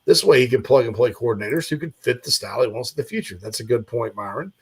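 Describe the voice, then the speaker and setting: A man's voice: mid-range voice, expressive, quick pace, slightly rough. A man hosting a sports talk show, rambling casually with lots of fillers and restarts.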